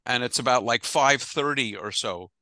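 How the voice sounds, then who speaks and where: Chatty rabbi with a bright, dry voice. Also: male voice, medium pitch, moderate pace, dry recording. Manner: chatty, digressive, laughs easily. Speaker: rabbi teaching a class. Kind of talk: casual adult-education lecture. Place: online video call. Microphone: video call.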